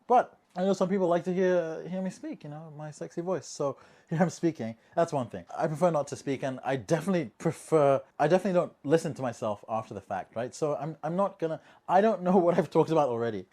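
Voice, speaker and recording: A man hosting a casual monologue video, chatty and jokey, tossing in rhetorical asides and swinging between quiet remarks and loud bursts. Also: on the high side, quick pace. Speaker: language-learning video host.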